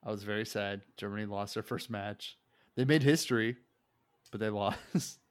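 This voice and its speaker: A man's voice: fairly low pitch, normal speed, clean tone, dry recording. A man chatting casually on a podcast, rambling and laughing often, swearing freely. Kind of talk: casual chat.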